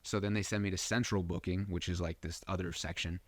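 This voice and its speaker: A young man with a low voice tells a rambling personal story as a podcast host. He swears a lot and drops fillers everywhere. The sound is close and dry. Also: steady tone, a little fast, no room sound. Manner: profane, rambling, full of fillers. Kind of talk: casual storytelling.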